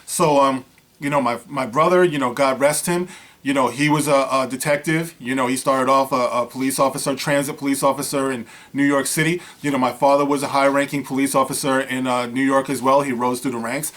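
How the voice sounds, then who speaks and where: A man's voice: mid-range voice, fairly even intonation, brisk, a bit bright. A man seated and giving a casual commentary monologue, talking conversationally and acting out scenes along the way. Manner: conversational, acts out scenes, many fillers like "you know". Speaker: vlogger. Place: seated indoors.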